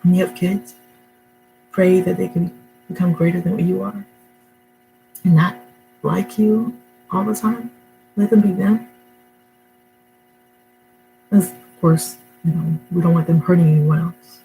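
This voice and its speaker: A woman's voice: lowish voice, fairly even intonation, a little slow, vocal fry, pauses often, mellow, a little hiss or hum, rough recording. A middle-aged woman talking casually to camera at home, rambling and emotional, with many fillers and restarts. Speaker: vlogger. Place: her home, indoors.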